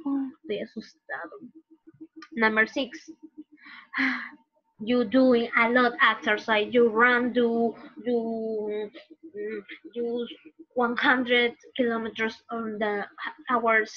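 Woman English teacher, slow, dramatic gasps, dull lo-fi recording. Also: a little high, flat delivery, slightly rough, dry recording. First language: Spanish. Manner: acts out each adjective with gasps and sighs, switching between English and Spanish. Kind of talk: online class for children. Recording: dull lo-fi dry sound.

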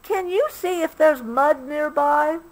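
A woman voicing an eager little male rhino calf in a storybook read-aloud, squealing with excitement. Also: takes it slowly, low-quality recording. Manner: excited, squealing, high and bright.

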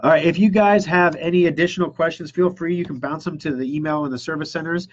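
A man's voice: fairly high pitch, steady tone, quick pace, muffled recording. A man hosting a computer repair show, chatting casually and enthusiastically as he answers viewer questions and acts out customers' reactions. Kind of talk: casual live-stream chat answering questions.

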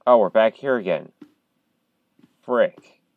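A man on a headset at home, playing a horror game in casual commentary, jumpy and chatty with viewers, breaking into loud startled outbursts. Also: on the low side, slow, no room sound, phone-quality sound. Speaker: gamer streaming a horror game.

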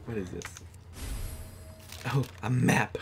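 A man's voice: mid-range voice, gravelly. A man playing a horror game and commenting casually, giggling often and jumpy, talking to the screen. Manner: giggly, jittery, talks to the screen. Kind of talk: casual let's-play commentary. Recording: noisy home recording.

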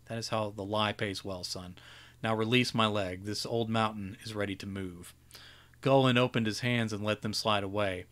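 A man reads his own fantasy story aloud as he edits it live. His voice sits a little low, and he often stumbles, backs up and rereads a phrase to fix it. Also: fairly even intonation, fairly bright tone. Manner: reads slowly with frequent restarts and self-corrections. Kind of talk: live editing read-aloud of fiction.

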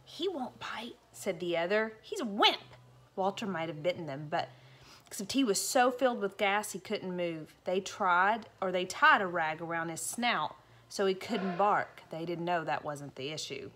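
A woman's voice: on the low side, normal speed, fairly bright tone. A woman reading a picture book aloud to children, playful and chatty, stopping for asides.

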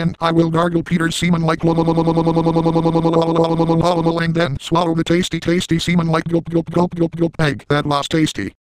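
A man's voice: on the high side, background noise, close to an everyday voice. A man voicing a crude, shameless adult man in a comedic first-person parody narration, smug and mocking, with sing-song sound effects.

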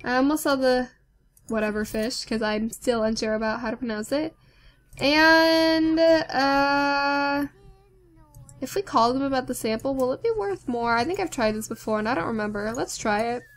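A woman's voice: sits high, normal speed. A young woman giving casual, rambling commentary as she plays a game, chatting with viewers. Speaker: let's play host.

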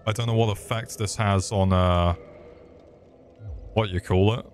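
Crude joking man, low voice. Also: steady tone, unhurried, soft background music. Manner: swears freely and jokes crudely, mocking enemies. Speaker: gaming video creator. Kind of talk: crude comedic gameplay commentary.

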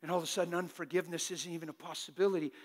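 A man preaching a fervent, exhorting sermon that bursts into shouting, in a church. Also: a little high, little pitch movement, rapid-fire, long reverb tail.

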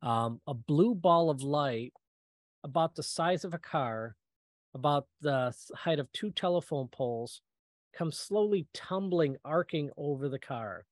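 A middle-aged man giving a storytelling talk, lively and acting out the voices he quotes, with frequent ums and uhs. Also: on the high side, a little slow, no echo. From Michigan, US. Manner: animated, acts out quoted voices, many fillers. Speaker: guest speaker.

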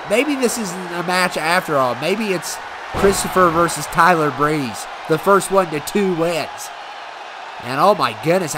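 A man commentating a wrestling video game play by play, excitable and given to shouting and cheering at the big moments. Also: fairly high pitch. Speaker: gaming channel host. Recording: loud game crowd and noise behind.

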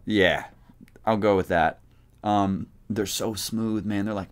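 A man talking casually to camera about his new guitar, slangy and jokey, jumping between excited bursts and low mumbles. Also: measured pace, slight background noise. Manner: slangy and jokey, with big swings up and down in pitch. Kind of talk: casual vlog chat.

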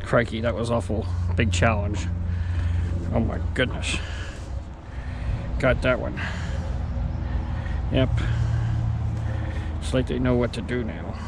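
A man's voice: medium pitch, fairly even intonation, slow pace, long pauses. A man vlogging as he catches groundhogs outdoors. He exclaims constantly and coaxes the animals as he talks. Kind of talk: casual outdoor narration. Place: outdoors, yard and woods. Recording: outdoor noise behind voice.

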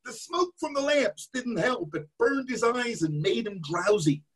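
A man's voice: very high-pitched, animated, measured pace, a bit bright, breathy edge. A man telling an interactive story to an all-age church audience and cueing them to act along. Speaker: guest storyteller. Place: church service.

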